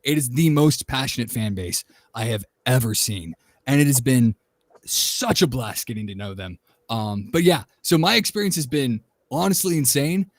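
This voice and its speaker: A man's voice: medium pitch, normal speed, no room sound. A man on a fan panel tells a long, easygoing story about his work. His voice is mid-range, and the sound is close and dry, with no room around it. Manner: relaxed, storytelling, enthusiastic. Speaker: voice actor on a panel. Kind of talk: casual panel talk.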